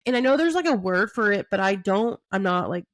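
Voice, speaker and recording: A woman's voice: mid-range voice, fairly quick, no room sound. Girl chatting on a podcast, swears a lot, says like constantly, dry close mic. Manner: animated, swears freely, many fillers. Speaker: podcast co-host. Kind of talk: casual chat.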